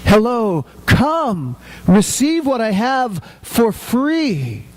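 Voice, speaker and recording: A man voicing God as an excited host, calling out warm, eager invitations. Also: very high voice, extremely slow, a little hiss or hum, pitched above the performer's own voice, exaggerated voice, low-quality recording. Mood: inviting.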